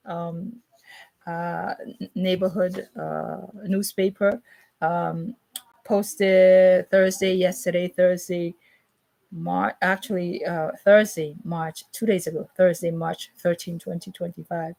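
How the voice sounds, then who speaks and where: A woman with a gravelly, somewhat low voice talks in a loose, rambling monologue. She reads news items aloud and stops to comment. She repeats herself, restarts often and leans hard on some phrases. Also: little pitch movement, takes it slowly, darkish tone, rough recording. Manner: repetitive, restarts and stammers, emphatic.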